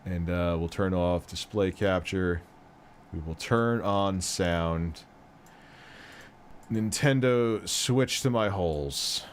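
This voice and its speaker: A man with a sick, roughening voice, chatting casually and loosely while hosting a live game stream, swearing now and then. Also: deep voice, takes it slowly, slight background noise.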